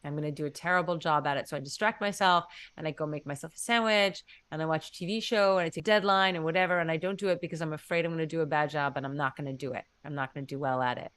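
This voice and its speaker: A woman's voice: low voice, quick pace, few pauses, a bit bright, clean tone, no room sound. A woman streamer giving casual advice in an earnest, rambling way, acting out her own thoughts as she goes.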